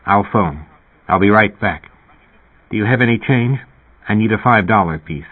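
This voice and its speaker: A man's voice: lowish voice, moderate pace, husky, no room sound. A man voicing a tired, anxious male traveler who speaks plainly and hurriedly, over a phone-like narrow sound.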